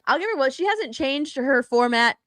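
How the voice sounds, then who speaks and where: A woman's voice: high voice, lively intonation, normal speed, a bit bright, no echo. Sarcastic woman co-host, dry sound. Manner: sarcastic, dismissive. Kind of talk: casual livestream chat.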